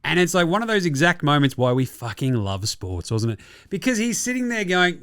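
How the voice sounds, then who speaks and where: A man with an Australian accent recapping basketball results in a casual, sweary, excitable and sarcastic way. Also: on the high side, fairly quick, smooth, no room sound, clean studio sound, faint music behind. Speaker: basketball podcast host.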